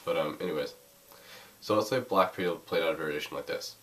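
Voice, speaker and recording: Hesitant low-voiced man teaching a board game. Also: brisk, fairly bright tone, distant mic. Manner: hesitant, many ums and uhs. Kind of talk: casual spoken lesson over a board. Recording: faint noise, voice a bit off-mic.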